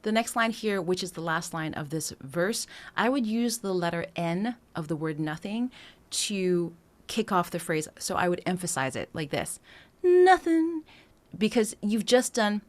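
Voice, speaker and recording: A woman's voice: lowish voice, expressive, moderate pace. A woman vocal coach talking through breath choices in a singing lesson, now and then singing short lines to demonstrate. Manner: explanatory, breaks into sung demonstrations, laughs lightly.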